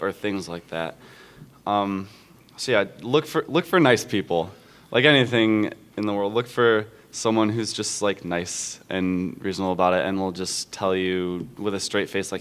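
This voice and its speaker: A young man giving casual advice on a convention panel, relaxed and chatty with frequent fillers. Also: lowish voice, moderate pace, smooth.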